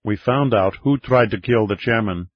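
A man voicing a serious Russian security major who speaks formally and gravely in an audiobook. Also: lowish voice, normal speed, no echo, lo-fi sound, close to an everyday voice.

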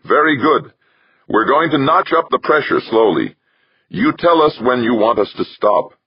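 A man's voice: mid-range voice, lively intonation, a little slow, husky, no room sound, dull audio, voice pushed up. A man voicing a male lab technician who slurs his words and bawls orders, in an audiobook. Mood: coaxing. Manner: bawling, slurred.

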